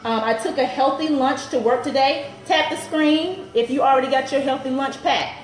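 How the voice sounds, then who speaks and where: Give me an upbeat, chatty woman trainer on a live stream, slightly high voice, in an echoey room. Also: normal speed. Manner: chatty, upbeat, laughs often. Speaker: personal trainer. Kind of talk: live-stream chat with viewers.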